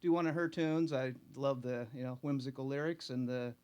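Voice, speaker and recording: A middle-aged man, singer and songwriter of a country band, talking in a relaxed, soft-spoken way with many fillers in a radio studio interview. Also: medium pitch, moderate pace, clean tone. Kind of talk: radio interview and live song. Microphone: studio microphone. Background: his own country band playing live.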